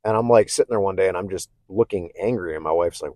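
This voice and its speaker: This man hosts a self-help podcast, talking fast with few pauses in a lowish, darkish voice. Candid and reflective, he often restarts sentences and checks in by asking "okay?", and the sound is close and dry with no echo.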